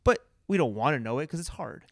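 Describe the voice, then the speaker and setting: A man's voice: a little high, expressive, fast, dry recording, studio quality. Earnest Canadian man chatting as a guest. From Toronto, Canada. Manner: earnest, agreeable, explains points at length. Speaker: artist guest. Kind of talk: casual podcast chat.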